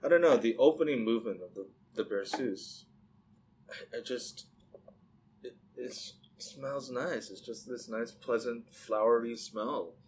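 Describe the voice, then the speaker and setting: A man's voice: medium pitch, unhurried, slight background noise. A man co-hosting a podcast, chatting casually in a playful, rambling way and laughing often. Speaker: podcast co-host. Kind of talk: casual chat.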